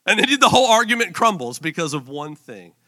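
Male pastor, playful and animated sermon, high bright voice. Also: brisk. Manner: playful, animated, joking asides.

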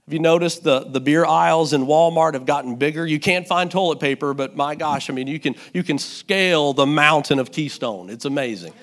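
A man with a notably high voice preaches at church, speaking into a handheld mic. His delivery is animated and lively, and he playfully acts out the voices in his stories. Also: fairly quick, hardly any pauses. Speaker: pastor. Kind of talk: sermon.

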